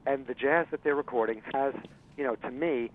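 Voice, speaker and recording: A man's voice: medium pitch, brisk, slight background noise. A man telling a long story as a guest on a radio interview, talking with lots of fillers and restarts. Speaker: interview guest, jazz writer. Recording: tinny phone-line sound.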